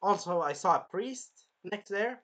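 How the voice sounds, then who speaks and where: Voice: medium pitch, animated, unhurried. A person giving a casual, rambling spoken review of an anime episode, swearing freely and drifting off topic. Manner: rambling, profane, jumps into loud impressions of characters.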